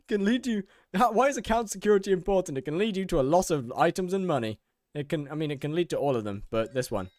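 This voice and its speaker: A young man with a high, expressive, darkish-toned voice streams a game, reading in-game text aloud a little fast. He laughs often and reacts with mock outrage in casual commentary, recorded at studio quality with no room sound.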